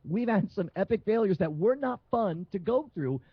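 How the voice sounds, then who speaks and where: A male magician talks with lively, swinging emphasis, pressing his points home. His voice sits a bit high, and the sound is dry and dull, like a lo-fi stream. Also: normal speed, slightly rough, dry recording. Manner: animated storytelling, emphatic. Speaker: magician guest. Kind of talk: casual live-stream chat.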